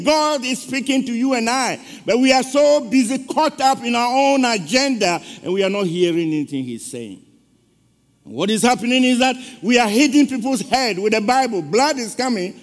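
A man with a high voice and a rough, gravelly edge preaches a sermon. He tells an emotional story and throws questions out to the congregation. His voice rings out with a long reverb in a big church sanctuary. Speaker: guest preacher.

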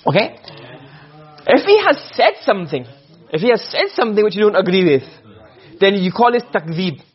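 A man's voice: high voice, big pitch swings, normal speed, slightly rough, lo-fi sound. A man teaching a class, lecturing and explaining points by asking his students questions. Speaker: Arabic rhetoric teacher.

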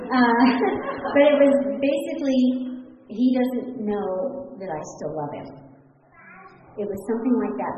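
A woman's voice, a touch high, animated and quick to laugh as she tells her story to a congregation. Her voice rings through a large church hall with long reverb, picked up from a distance. The sound is dull and muffled, with a faint hiss underneath. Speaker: church speaker. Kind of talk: testimony to a congregation.

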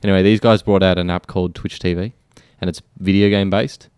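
A man's voice: low voice, level tone, brisk, darkish tone, clear, resonant tone, dry recording, clean studio sound. A young man chatting casually on a podcast, talking about apps and shyly dodging a dare. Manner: reluctant, mumbling, laughs through attempts. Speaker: co-host.

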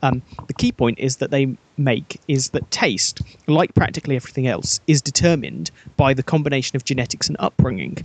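A man with a slightly husky voice co-hosts a casual podcast. He talks in a dry, jokey way and pokes fun at himself. He grew up in England's Black Country. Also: medium pitch, lively intonation, a little fast, few pauses, no room sound. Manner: dry, jokey, self-mocking. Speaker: podcast host.

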